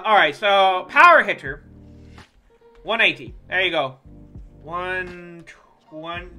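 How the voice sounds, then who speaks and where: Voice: mid-range voice, sharp tone. A game streamer chatting casually with viewers while playing, joking and swearing freely. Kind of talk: casual gameplay commentary.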